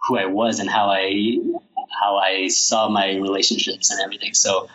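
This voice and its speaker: A man speaking as a podcast guest about his book, halting and reflective with many restarts. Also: fairly low pitch, flat delivery, fairly bright tone, dull audio. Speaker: author guest. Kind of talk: podcast interview.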